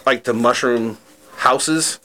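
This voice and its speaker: A man's voice: mid-range voice, takes it slowly, pushed and bright. Chatty, profane male podcast co-host. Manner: loose, profane and chatty, with fillers like "like" and "uh". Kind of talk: casual chat.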